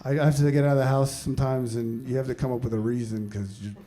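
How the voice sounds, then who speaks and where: A man in his thirties doing stand-up comedy, swinging between mumbled asides and loud outbursts. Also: medium pitch, fairly even intonation, fast, noisy background. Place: comedy stage before a live audience. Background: audience laughter.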